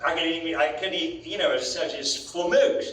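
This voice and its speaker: A man's voice: fairly high pitch, fairly quick, crowd noise. An older man telling a stand-up comedy story in a rambling, stammering way, often restarting his sentences. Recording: roomy, distant live stage sound with faint ambience.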